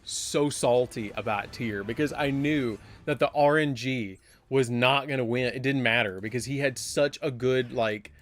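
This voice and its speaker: A man's voice: medium pitch, normal speed, few pauses, a little hiss or hum. A man casually chatting while streaming a card game live, rambling and breaking into surprised exclamations.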